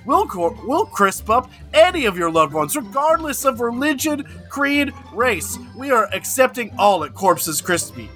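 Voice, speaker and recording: A man improvising an overblown mock commercial in a pitchman's delivery. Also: sing-song, unhurried, few pauses, pushed and bright, soft background music.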